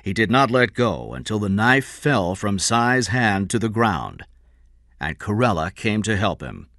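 A man reads a story aloud in a clear, measured style with a bright, lively voice. The recording is dry and close, made on a studio mic. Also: lowish voice, no room sound. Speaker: narrator. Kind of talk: scripted audiobook narration.

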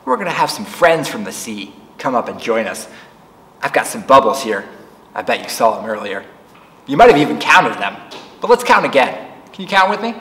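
A man reading a picture book aloud to children at a storytime, chatting with them between pages. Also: mid-range voice. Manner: slow, animated read-aloud voice for children. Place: library room. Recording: echoey room, distant mic.

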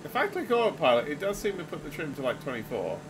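A man giving excitable, sweary, laughing running commentary while playing a game. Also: fairly high pitch, quick pace, background noise. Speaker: gaming video host. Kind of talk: casual let's-play commentary.

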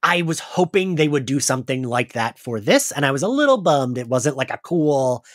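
A man's voice: mid-range voice, sing-song, normal speed, fairly bright tone, no echo. A congested man hosting a podcast, chatting casually and acting out the voices of friends in his stories. The sound is dry and close, with no room around it. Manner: chatty storyteller, acts out quoted friends. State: congested from crying. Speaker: podcast host. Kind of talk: casual chat.

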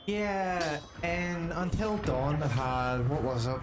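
Laughing man, slightly high. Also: fairly even intonation, takes it slowly, music in the background. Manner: laughs often, swears freely, jokey. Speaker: co-host of a gaming channel. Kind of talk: casual let's-play commentary.

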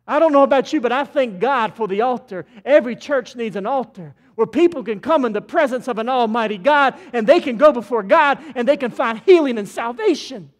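A man pastor preaching an impassioned sermon in a church sanctuary, swinging from loud to quiet. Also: very high-pitched.

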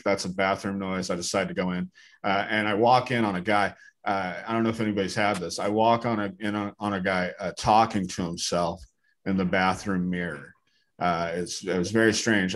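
A man doing stand-up comedy on a club stage, telling a story in a deadpan way and acting out the characters. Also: deep voice.

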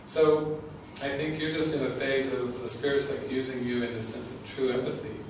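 A man's voice: medium pitch, steady tone, moderate pace. A man giving an informal spiritual talk as a teacher, earnest and often laughing, repeating his words. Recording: echoey, distant mic with background noise.

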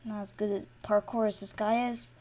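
Over slight background noise, a woman hosting her channel gives casual commentary on her game at a moderate pace. Her excitement shows as she shifts from quiet muttering to high-pitched shrieks.

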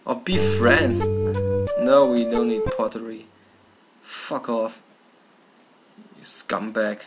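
A man's voice: mid-range voice, steady tone, slow, loud music behind the voice. A man with a German accent playing a strategy game at night, cursing and muttering at the computer as he plays. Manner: swears often, talks to the game in frustrated outbursts. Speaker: gamer. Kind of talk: live gameplay commentary.

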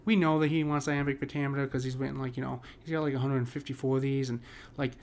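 Flat-toned man teaching casually. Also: medium pitch, fast talker, slight background noise. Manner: rambling, repeats "right?" often, many restarts. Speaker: poetry teacher. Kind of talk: casual explanatory lesson.

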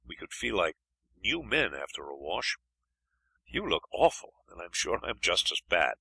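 A man's voice: sits low, big pitch swings, measured pace, gravelly, sharp tone, slightly rough, dry recording, full character voice, low-quality recording. A man playing a hearty young adventurer. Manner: hearty, encouraging. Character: cheerful plucky young English lad.

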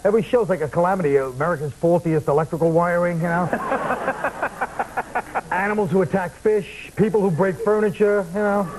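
A man riffs in a wry, deadpan way and drops mock-serious asides, his voice sitting fairly high for a man. It comes off an old broadcast tape with a faint hiss underneath. He talks like a talk show guest trading banter. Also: moderate pace. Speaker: comedian guest.

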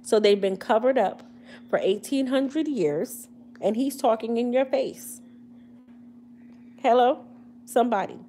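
A woman's voice: a little high, measured pace, pauses often, warm tone, a little hiss or hum. A woman hosting a casual hair care livestream, joking and using slang as she talks straight to her viewers. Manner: chatty, comedic, slangy, addressing viewers directly.

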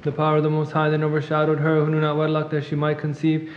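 Male reader, rapid monotone liturgical recitation; muffled, long church reverb. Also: on the high side, slight background noise. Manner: fast monotone recitation, clears throat at times. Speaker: reader at a monastery service. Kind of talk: rapid liturgical chant reading.

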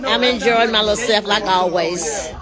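A woman chatting casually on a phone live stream, animated and talking straight to her viewers, outdoors at night and then inside a car. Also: mid-range voice, normal speed, a crowd in the background. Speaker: livestreamer showing a car. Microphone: phone held in hand.

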